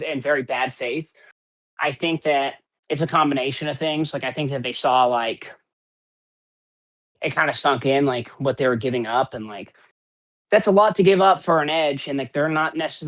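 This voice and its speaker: A man's voice: fairly high pitch, fairly bright tone. A man co-hosting a casual sports podcast, rambling and opinionated with plenty of swearing. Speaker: podcast co-host.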